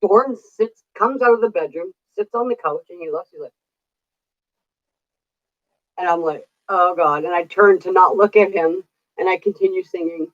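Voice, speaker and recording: A woman's voice: fairly low pitch, moderate pace, long pauses, dull audio. A middle-aged woman telling stories in casual chat, chatty, laughing often and swearing casually. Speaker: vlogger.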